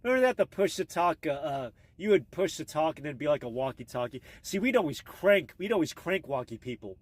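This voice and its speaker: A man's voice: a little high, expressive, fairly quick, no echo. Crude, rambling man on a phone stream. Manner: crude, meandering, offhand. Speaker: live streamer. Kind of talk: rambling casual live-stream chat.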